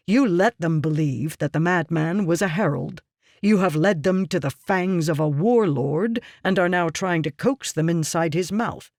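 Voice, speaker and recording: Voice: mid-range voice, darkish tone, no echo, studio quality. An audiobook reader voicing a ruthless, scheming merchant man who talks down to others in a curt, lecturing way. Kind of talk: audiobook character reading.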